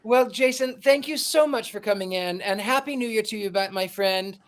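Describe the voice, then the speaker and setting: A man hosting a livestream with a warm, theatrical, exclamatory manner, chatting and reading a storybook aloud. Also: high-pitched, normal speed. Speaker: livestream host.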